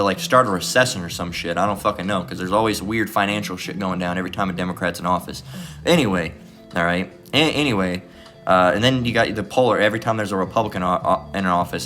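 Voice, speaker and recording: A man with a fairly low voice delivers a loose, digressive bible talk, swearing often and checking in with his listeners every few sentences. Faint music sits behind him. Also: fairly bright tone. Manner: profane, digressive, constant "all right?" tags. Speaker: self-styled bible teacher. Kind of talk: rambling casual scripture commentary.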